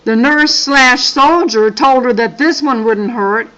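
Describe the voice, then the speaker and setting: A woman's voice: on the high side, slow, fairly bright tone, lo-fi sound. An older woman and grandmother reading a dream account aloud, breaking off for earnest, apologetic asides. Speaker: channel host.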